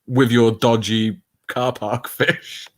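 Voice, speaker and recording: Man, mid pitch, sardonic, swearing, casual co-host banter. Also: little pitch movement, no room sound. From England. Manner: sardonic, swears, quick asides.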